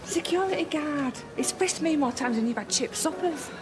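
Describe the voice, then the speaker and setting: A woman's voice: high voice, expressive, moderate pace, loud music behind the voice. An actress playing a cheeky woman in a TV soap drama, with coaxing sing-song baby talk.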